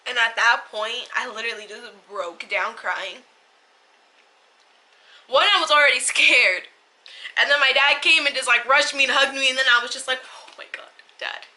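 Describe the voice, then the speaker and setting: A young woman telling a personal story on her vlog in a casual, halting way, turning tearful. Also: a little high, pushed and bright, poor audio. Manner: emotional, tearful retelling, halting. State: crying at times. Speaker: vlogger.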